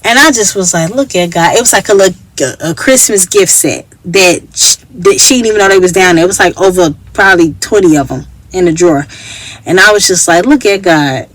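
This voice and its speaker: A woman's voice: fairly low pitch, brisk, dry recording, poor audio. A woman from Chicago with a Chicago accent, telling a personal story in a casual, chatty way and acting out what others said. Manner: chatty, acts out quoted voices. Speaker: vlogger.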